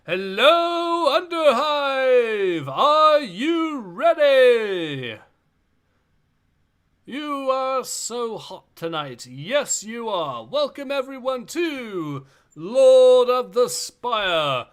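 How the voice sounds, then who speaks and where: A man voicing a brash male arena announcer with a loud, drawn-out hype delivery. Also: very high voice, big pitch swings, smooth, pitched above the performer's own voice, exaggerated voice. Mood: hyped.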